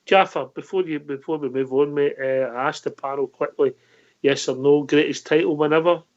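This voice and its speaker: Scottish male host, jokey and brisk, slightly high voice, dull lo-fi line. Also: fairly even intonation. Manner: jokey, brisk, leads the talk. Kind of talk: casual call-in chat.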